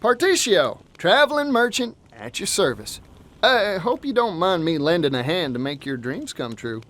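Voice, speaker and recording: An actor voicing a cheerful, folksy young traveling merchant in a video game, with a drawling, upbeat manner. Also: male voice, high-pitched, sing-song, moderate pace, fairly bright tone, slight background noise. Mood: friendly. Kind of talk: game voice acting. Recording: game audio with music behind.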